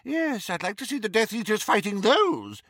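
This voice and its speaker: A man voicing a brisk, plucky middle-aged female witch with an eager manner in a storybook reading. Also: high voice, very animated, a bit bright, dry recording, clean studio sound, voice pushed up, heavily acted. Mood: determined.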